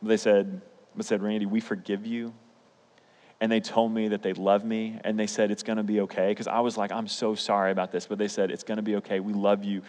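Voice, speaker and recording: A man's voice: fairly low pitch, little pitch movement, brisk, darkish tone. A young man preaching a sermon, telling personal stories in a casual, emphatic way. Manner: storytelling, conversational, emphatic. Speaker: pastor. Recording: hall reverb.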